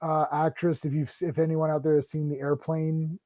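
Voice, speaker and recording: A man's voice: on the high side, normal speed, dry recording, clean studio sound. A man hosting a livestream, chatting casually about movies, rambling with lots of fillers and acting out scenes in a raised voice. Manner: rambling, animated, acts out movie lines in a raised voice. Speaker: stream host.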